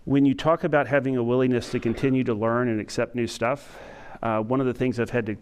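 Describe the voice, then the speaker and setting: Halting man lecturing, smooth voice. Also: mid-range voice. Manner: self-described monotone, halting with frequent fillers. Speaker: emergency physician giving a training lecture. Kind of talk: conference lecture to EMS staff. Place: lecture room with an audience.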